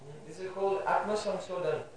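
A man's voice: sits high, fairly quick, a little hiss or hum. A man teaching a devotional class, often checking in with his listeners with a questioning "hmm?". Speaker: spiritual teacher giving a class. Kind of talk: devotional lecture. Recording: very echoey room, voice far from mic.

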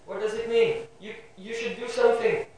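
A man gives a devotional class in a strongly echoing room, heard from a distance with faint ambience behind. His voice sits high for a man. He often pauses to check in with a questioning "hmm?". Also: fairly even intonation, a little mellow. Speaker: spiritual teacher giving a class. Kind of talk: devotional lecture. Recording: very echoey room, voice far from mic.

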